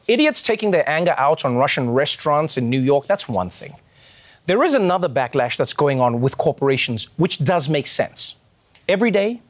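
Sarcastic high-voiced male comedy host. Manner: sarcastic, exasperated asides. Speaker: late-night comedy host. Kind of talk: scripted comedy monologue.

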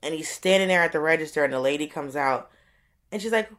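A woman's voice: low-pitched, expressive, fast talker, fairly bright tone. A young woman in casual conversation, telling stories animatedly, acting out quotes and swearing freely. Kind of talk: casual chat.

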